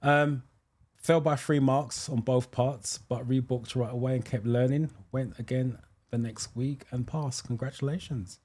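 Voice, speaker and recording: A man's voice: medium pitch, fairly even intonation, a little slow, few pauses, a little mellow. A British man hosting a live driving theory stream, chatting casually as he reads viewer comments and explains answers. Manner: chatty, thinks aloud, many ums, thanks viewers.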